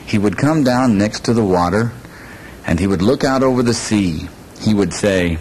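A man reading a children's story aloud, slow and lilting, inviting listeners to join in on the repeated parts. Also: sits low, darkish tone, a little hiss or hum, poor audio.

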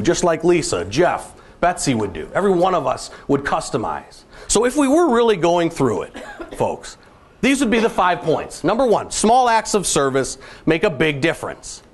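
A middle-aged man giving a motivational keynote speech, telling stories and landing jokes with comic timing. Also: on the high side. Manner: animated, comic storytelling with punchlines. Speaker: keynote speaker.

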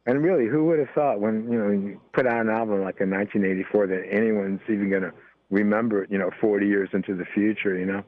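A man's voice: on the low side, steady tone, fast. An older American man, a guest musician, chatting casually and rambling with many fillers. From United States. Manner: rambling, full of "you know" fillers. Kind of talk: casual interview talk. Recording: tinny phone-line sound.

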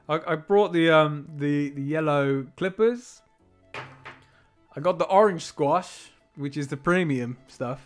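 A man chatting casually on a live stream as he opens card packs, excitable and quick to laugh, sometimes trailing off into quiet asides. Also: fairly high pitch, soft background music. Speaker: streamer opening trading card boxes.

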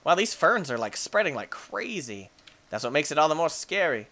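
A man hosting a gaming channel, giving excitable Let's Play commentary and cooing baby talk at his pets. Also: on the high side, moderate pace.

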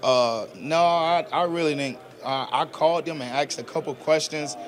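A man's voice: on the high side, normal speed. A young man, a football player answering press questions in an earnest, casual, slangy way. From South Georgia, US. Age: 20s.

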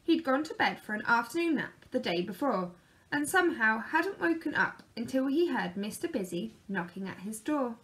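A woman reading a children's picture book aloud in a lively, expressive way. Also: on the high side, moderate pace. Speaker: storyteller.

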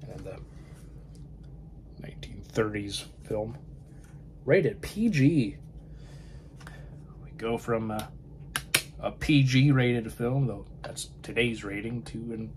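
A man's voice: medium pitch, animated, takes it slowly, long pauses, a little mellow, slight background noise. A man chatting casually about films, rambling and often trailing off to a murmur. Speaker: film vlogger. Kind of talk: casual film chat.

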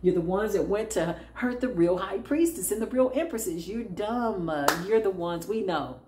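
A woman's voice: mid-range voice, normal speed, mellow. A woman giving a casual tarot reading to her viewers, blunt and sassy, laughing as she talks. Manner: sassy, blunt, laughing, calls listeners "child". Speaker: tarot reader. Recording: echoey room with faint noise.

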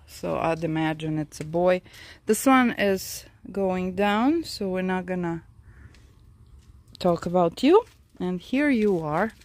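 A lowish, darkish-toned woman hosts a relaxed vlog tour of her outdoor orchid garden. The orchid grower is chatty and winded from the heat, talking to her viewers and her plants alike.

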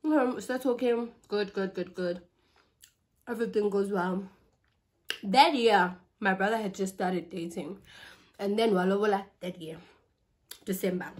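A woman's voice: mid-range voice, unhurried, long pauses, a little mellow. A young woman in her twenties with a South African accent, chatting casually while eating as she tells a story, mixing languages mid-sentence, with a flu and a cough. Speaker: vlogger. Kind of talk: storytime chat over a meal.

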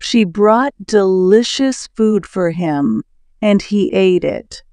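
A woman slowly reading a simple storybook tale aloud for English learners, pronouncing each word carefully. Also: medium pitch, expressive, a little mellow, clean tone, no echo.

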